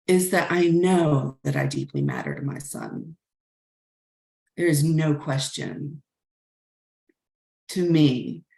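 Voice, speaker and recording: A woman in her thirties or forties, a workshop facilitator, telling her class a frank personal story in a reflective way with many "like" fillers. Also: low voice. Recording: roomy echo.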